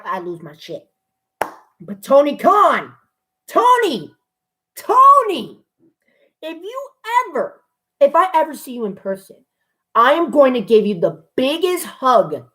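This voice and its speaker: Female show reviewer, casual and profane, unhurried delivery that erupts into hyped shouting. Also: sits high. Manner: excitable, profane, bursts into gushing shouts.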